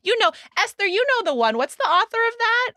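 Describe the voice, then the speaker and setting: A woman playing a tabletop game talks in a chatty, animated way, her voice bright and ringing and her pitch moving freely. The sound is close and dry, with no room echo. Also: a little fast. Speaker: player. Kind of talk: tabletop role-play chat.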